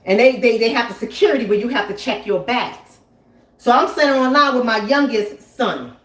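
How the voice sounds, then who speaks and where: High-voiced emphatic woman storyteller. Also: normal speed, reverberant. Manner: emphatic, animated, repeats lines for effect. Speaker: relationship coach and channel host. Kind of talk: live-stream storytelling, replying to chat.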